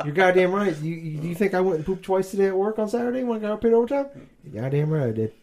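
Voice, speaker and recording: A man's voice: high voice, fairly even intonation, racing, darkish tone. A man in casual chat, rambling and crude with lots of swearing, tired and a bit delirious from overwork.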